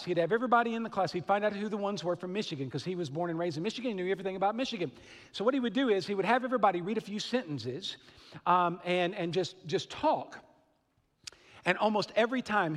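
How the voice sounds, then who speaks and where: A middle-aged pastor with a Southern accent, from Western Kentucky and Southern Illinois, preaches a sermon in an earnest, conversational manner with asides. His high voice trails off in a long reverb.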